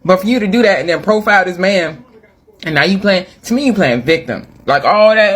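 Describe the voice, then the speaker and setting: A man with a high voice delivers a casual reaction rant to his followers. He sounds exasperated and emphatic, and he mocks the people he is talking about. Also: animated, moderate pace, bright, forceful tone. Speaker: social media commentator.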